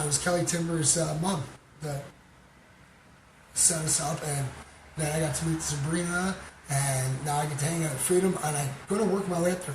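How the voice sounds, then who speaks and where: A talkative man from Canada chatters his way through a livestream, stopping to greet viewers by name. He rambles and fills his pauses with "um". The room sounds hollow, with a steady hum of noise behind him. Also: a little high. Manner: rambling, talkative, many fillers. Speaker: livestream host. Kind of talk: casual livestream chat with shout-outs. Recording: roomy sound with background noise.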